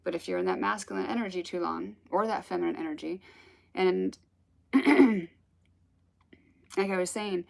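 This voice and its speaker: Woman with a gravelly, low voice. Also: moderate pace, long pauses, darkish tone. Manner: rambling, chatty storytelling with laughs. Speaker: spiritual teacher. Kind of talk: casual spiritual talk.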